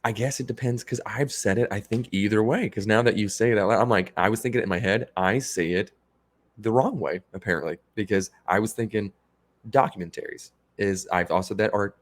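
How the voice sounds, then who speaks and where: A man's voice: lowish voice, fairly quick. A man co-hosting a podcast, telling crude jokey stories in casual banter. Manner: crude joking storyteller, gets loud when mock-upset. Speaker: podcast co-host.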